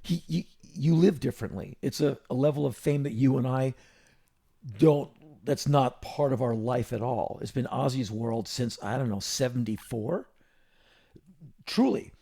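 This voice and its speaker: A man in his fifties with a gravelly, creaky voice tells a story to his co-host in an animated podcast chat. He restarts his sentences and peppers them with fillers, and his pitch sits in an ordinary middle range. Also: moderate pace. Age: 50s.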